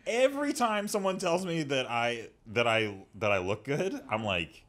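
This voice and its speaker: A man's voice: mid-range voice, moderate pace. A man, a guest comedian, chatting casually and acting out little voices in his stories. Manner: animated, acts out voices in stories. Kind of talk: casual chat.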